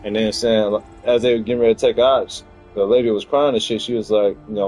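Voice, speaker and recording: A young man hosting a casual podcast chat, telling stories in a heated, profane way that climbs into loud outbursts. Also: on the low side, fairly even intonation, brisk, soft background music, poor audio. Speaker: podcast host.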